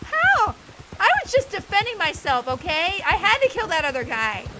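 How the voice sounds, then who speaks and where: A woman streaming a video game with live commentary, excitable and exclamatory with laughing asides. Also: extremely high pitch, brisk, heavy background noise.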